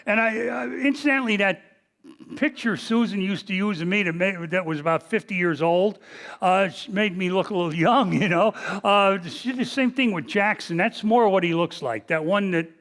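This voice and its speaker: A man's voice: high voice, moderate pace, a bit bright. A retired history professor in his seventies giving a public lecture to a large audience, rambling and joking at his own expense. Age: 70s. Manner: self-deprecating, rambling, joking. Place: large library hall before a big audience. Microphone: stationary mic at a lectern.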